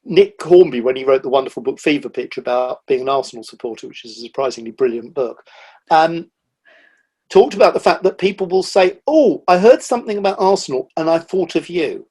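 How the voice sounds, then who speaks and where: A middle-aged man, a guest on a podcast, telling animated stories about the wildlife he sees, with lively quoted asides. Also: fairly high pitch, fairly quick, slightly rough. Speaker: guest, nature writer. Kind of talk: casual conversational interview.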